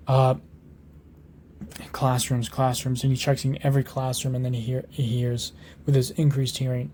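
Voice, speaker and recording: A man's voice: medium pitch, level tone, measured pace, gravelly, pauses often, dark tone, a little hiss or hum. A man improvising a fan story, rambling on with lots of fillers, restarts and swearing.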